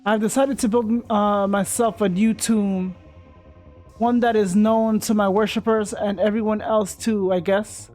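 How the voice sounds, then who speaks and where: A man's voice: high voice, a little mellow. A man voicing a vain, haughty female ghost queen, speaking grandly as he reads game dialogue aloud. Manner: grand, self-important speech.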